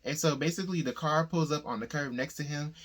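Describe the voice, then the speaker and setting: A man hosting a book discussion, casually summarizing the plot in a relaxed, conversational way and briefly acting out the characters' lines. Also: a little high, quick pace.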